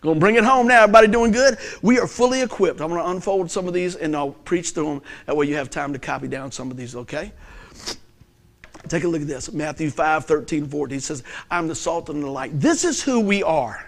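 High-voiced animated male preacher. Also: a little fast. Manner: animated storytelling with laughter and loud peaks. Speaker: pastor. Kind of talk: sermon.

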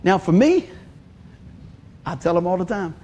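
A man's voice: sits high, measured pace, a little hiss or hum. A man in his fifties preaching a sermon, telling stories with laughs and acting out the voices he quotes. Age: 50s. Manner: animated, laughing storyteller who acts out quotes.

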